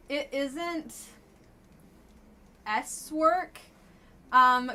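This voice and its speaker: A woman is live-streaming a dating game and chatting casually throughout, her comments blunt and wry. Her bright voice sits slightly high, and her delivery is loose and offhand.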